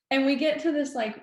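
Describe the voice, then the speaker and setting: A young woman telling a personal story as a podcast guest, animated and chatty, full of "like". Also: high-pitched. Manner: animated, chatty, heavy use of "like". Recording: roomy echo.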